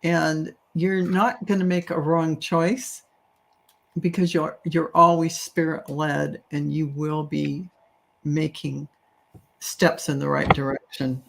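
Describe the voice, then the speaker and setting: A woman speaking as a psychic medium, relaying spirit messages slowly and with care. Her voice has a gravelly, creaky edge, and she stays gentle and reassuring. She often pauses on soft fillers as she talks. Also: low-pitched, level tone.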